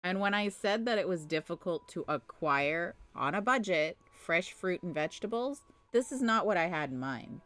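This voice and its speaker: A woman's voice: fairly low pitch, expressive, normal speed, hardly any pauses, fairly bright tone, dry recording. Chatty woman, dry close sound. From Canada. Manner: chatty, exasperated storytelling with playful teasing. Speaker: crochet live streamer. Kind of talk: casual live-stream chat. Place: home.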